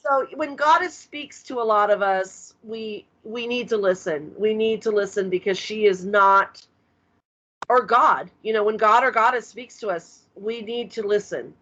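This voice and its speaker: Supportive woman co-host, halting delivery, slightly muffled lo-fi recording. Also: mid-range voice, a bit bright. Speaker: podcast co-host. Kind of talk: casual chat. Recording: slightly dull lo-fi sound.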